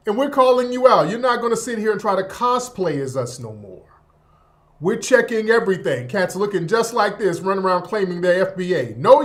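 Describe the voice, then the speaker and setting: A man's voice: sits high, a bit bright. Blunt, heated male show host. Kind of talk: casual commentary over clips.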